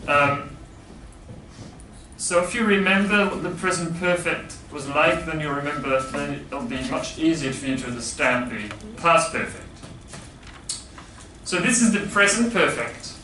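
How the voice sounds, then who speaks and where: A man's voice: fairly high pitch, unhurried, bright, forceful tone. Man teaching a grammar class, echoey. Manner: patient, explaining, asks the class questions. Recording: echoey classroom, far from mic, background noise.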